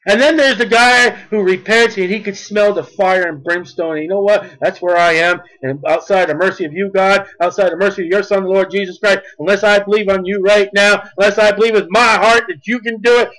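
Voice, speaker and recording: A male preacher with a notably high voice delivers a sermon. His delivery is fervent and climbs toward near-shouting when he presses a point home. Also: fairly even intonation, a little fast, hardly any pauses, low-quality recording.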